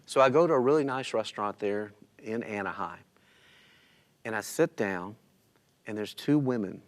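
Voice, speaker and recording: A middle-aged man telling a personal story in casual conversation, animated and acting out what others said. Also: medium pitch. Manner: animated, acts out other people's lines.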